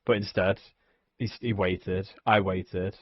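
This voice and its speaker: A man's voice: deep voice, steady tone, a little slow, husky, no room sound, lo-fi sound. A young man, ranting casually on a live stream, swearing and saying "like" a lot. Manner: frustrated ranting, heavy swearing, many "like"s. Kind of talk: casual chat.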